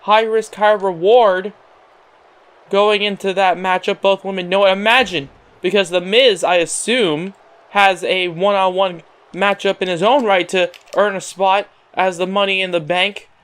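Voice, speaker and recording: A man giving excitable play-by-play wrestling commentary over a video game, announcer-style, leaning on "however" and fillers. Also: high voice, unhurried, clear, resonant tone. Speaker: gaming channel host.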